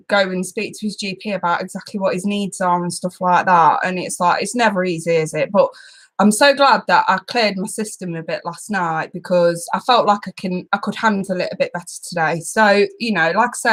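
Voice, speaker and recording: A woman's voice: on the low side, moderate pace, fairly bright tone. A young woman hosting a casual live stream, chatting with her viewers and often laughing and swearing. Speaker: tarot channel host.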